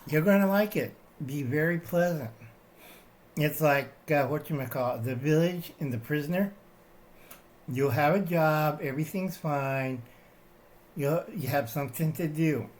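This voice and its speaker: Older man, somewhat high voice, rambling satirical rant, keeps asking "okay?". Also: a little slow. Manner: digressive, tags lines with "okay?"; shows items to the camera while talking. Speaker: channel host.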